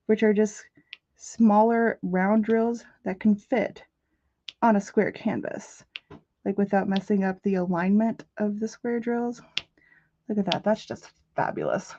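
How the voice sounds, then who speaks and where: A woman's voice: mid-range voice, mellow, lo-fi sound. A woman hosting a casual crafting livestream from her home in the country, chatty and jokey with her viewers, often breaking into giggles. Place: rural home.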